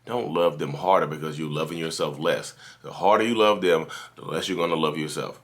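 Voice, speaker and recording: A man with a very low, deep voice talks straight to his audience in an easy, preachy way. He circles back over the same points and keeps calling his listeners "y'all", like a host giving tough-love advice from his office. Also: steady tone, fairly quick, fairly bright tone. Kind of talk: casual direct-to-camera advice talk.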